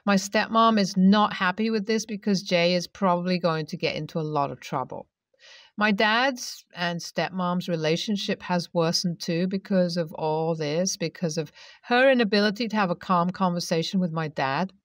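Female narrator, first-person story read aloud, steady delivery, dry sound, slightly off-mic. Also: lowish voice, normal speed, dry recording, distant mic.

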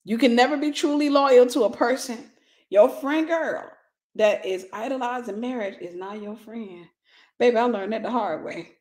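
A middle-aged woman giving a lively, conversational sermon, acting out little scenes and laughing as she teaches. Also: on the high side, moderate pace. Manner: animated, acts out gossip with voices, laughs. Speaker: Christian teacher.

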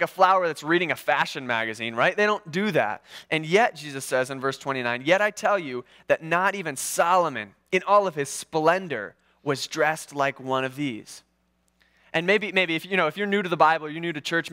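A man preaching a sermon in a casual, conversational way, with animated, sarcastic asides. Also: on the high side, clear, resonant tone. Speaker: pastor. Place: church.

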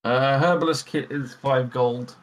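A man running a tabletop game as dungeon master, talking in a relaxed, halting way. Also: mid-range voice.

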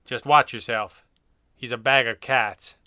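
A man's voice: medium pitch, steady tone, a little slow, bright, forceful tone, dry recording, clean studio sound. A man voicing a fretful, hesitant asylum official giving warnings. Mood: nervous.

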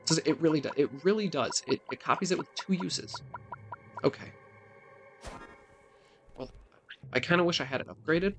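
A man's voice: on the high side, moderate pace, long pauses, over music. A man giving playful gameplay commentary, talking directly to his viewers. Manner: playful, talks to viewers, animated. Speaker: let's play host.

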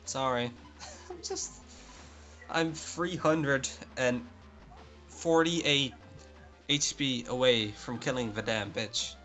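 A man's voice: mid-range voice, takes it slowly, sharp tone, soft background music. A young man commentating his own gameplay, frustrated, swearing and muttering to himself. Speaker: let's play host.

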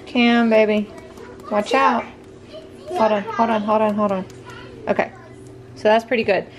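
A woman's voice: on the high side, steady tone, unhurried. Mom vlogger chatting thru her cooking at home, noisy kitchen sound behind her. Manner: chatty, talks through each cooking step. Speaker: vlogger and mother. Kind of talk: casual cooking vlog.

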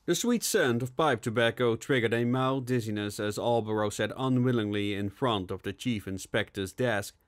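A man narrating a steampunk novel in a measured storytelling manner. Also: mid-range voice, steady tone. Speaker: audiobook narrator. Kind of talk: scripted narration.

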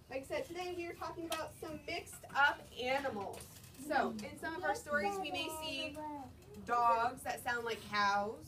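A woman librarian reading a picture book aloud to young children at storytime, in an animated sing-song manner, asking them questions as she goes. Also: sits high. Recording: distant mic, noisy room. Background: children answering.

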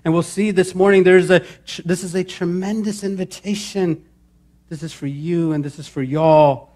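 A man's voice: high-pitched, fairly even intonation, moderate pace, a little mellow. A male pastor preaching a sermon, chatting with his congregation and building to emphatic calls. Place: church sanctuary.

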